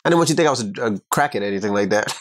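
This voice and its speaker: A man co-hosting a podcast, telling a confessional story in relaxed, rambling casual chat. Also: lowish voice, rapid-fire. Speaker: podcast co-host and radio host.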